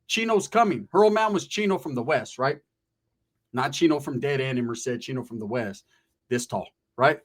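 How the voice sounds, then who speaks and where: A man's voice: medium pitch, normal speed. A middle-aged man casually telling a profane, streetwise story from his past, often tagging his lines with "right?".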